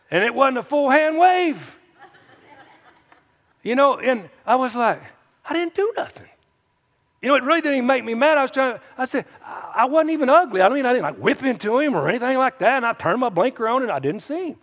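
A man's voice: very high-pitched, animated, fast talker. A man, reading scripture and then preaching in a folksy, joking way with asides to listeners, speaking through a runny nose. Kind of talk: Bible reading and sermon. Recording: muffled, with long reverb.

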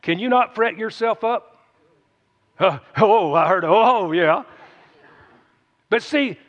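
High-voiced folksy preacher. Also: male voice, a bit bright. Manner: folksy, joking, with asides to listeners. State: runny nose. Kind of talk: Bible reading and sermon. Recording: muffled, with long reverb.

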